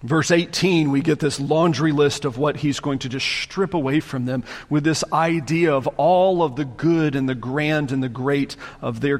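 A man from the American South preaching a sermon as a pastor. He speaks emphatically, repeats phrases for force, and often drops into quiet, low tones. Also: big-room sound. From Southern United States.

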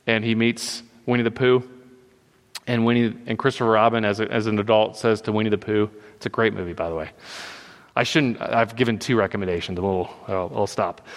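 A man's voice: medium pitch, a bit bright, in a large hall. A man preaching a sermon, emphatic and repetitive, often checking in with "right?".

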